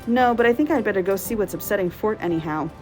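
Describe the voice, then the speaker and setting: A calm, practical mother, brisk and lightly reassuring, as a woman reader voices her. She speaks a little higher than the reader's own voice. It is a storybook read-aloud. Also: soft background music, lightly acted.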